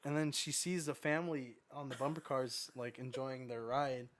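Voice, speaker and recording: A man's voice: mid-range voice, steady tone, moderate pace. A young man co-hosting a podcast, telling work stories in casual chat and swearing freely. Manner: swears freely, acts out quotes loudly. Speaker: podcast co-host.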